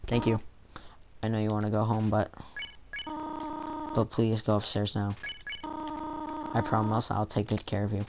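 A young man reading the lines of a gentle, motherly female monster guardian in a soft, hushed voice, with game music behind. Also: on the low side, completely flat delivery, moderate pace, long pauses, background noise, close to an everyday voice. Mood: tender, sad.

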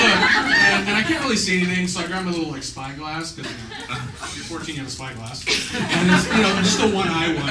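A man telling a funny story on stage at a live venue, laughing often as he goes. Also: on the high side. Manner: animated, laughing through his own story. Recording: echoey room, mic far off, noisy.

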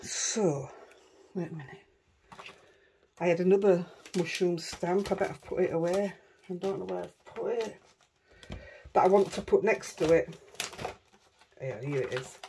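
A woman's voice: fairly low pitch, a little mellow, a little hiss or hum. A middle-aged woman with a Yorkshire accent chatting casually as she crafts at home, thinking aloud and poking fun at herself. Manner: rambling, self-deprecating, thinking aloud. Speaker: craft vlogger.

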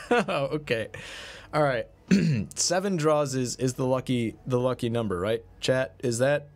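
An excitable male game streamer talking through his card pulls, his pitch leaping up and dropping all over the place. He jokes at his own bad luck and sometimes drops to a low mutter. Faint music plays under his voice. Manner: excitable, self-mocking, swings between hype and deflated mumbling. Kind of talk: live-stream commentary on gacha pulls.

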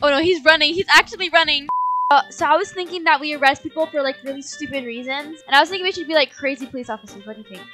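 A woman hosting a playful video game commentary, excitable, gasping and mock-outraged as she plays. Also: high-pitched, racing, over music. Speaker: gaming channel host. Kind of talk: excited Let's Play commentary.

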